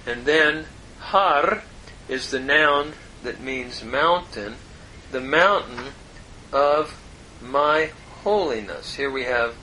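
A man walks through a Bible passage in Hebrew at a very unhurried pace, stopping to parse each word. His voice has a bright, forward edge. A faint low rumble sits behind him. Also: poor audio. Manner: slow, deliberate, parsing word by word with pauses. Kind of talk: verse-by-verse Hebrew lesson.

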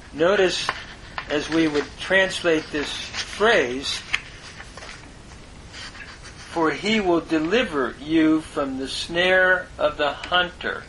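A man giving a slow, measured Bible lesson, parsing Hebrew grammar word by word. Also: fairly high pitch, background noise. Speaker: Bible teacher.

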